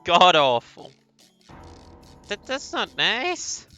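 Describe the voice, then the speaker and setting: A young foreign woman traveler, easily flustered, stammers through her protests and sounds hurt when she is mocked, as a man puts her on with a raised voice. The tone is bright and tense, and faint music plays behind. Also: high-pitched, animated, a little slow, muffled recording, voice pushed up, full character voice. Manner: stammering, pleading, indignant.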